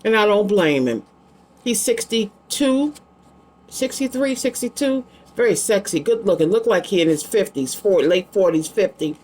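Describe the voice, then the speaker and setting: A chatty middle-aged woman runs a relaxed psychic card reading. She rambles easily from card to card, talking in a warm, everyday tone. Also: fairly low pitch, brisk, hardly any pauses. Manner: chatty, rambling, affectionate asides to her child. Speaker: psychic tarot reader. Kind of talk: casual live card-reading vlog.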